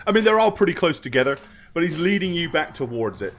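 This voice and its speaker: A man's voice: on the high side, very animated, fast, a bit bright, slight background noise. A man narrating a tabletop role-playing game as game master, casual and loose with fillers. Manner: casual, with many fillers and laughs.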